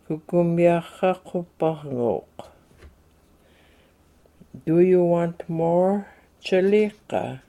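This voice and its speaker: A man teaching everyday phrases at a very slow, careful pace, saying each one in English and then in his native language. His voice is dark and gravelly, and he breaks the phrases into small pieces. It sounds like a patient lesson. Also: sits high. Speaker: language speaker reading phrases.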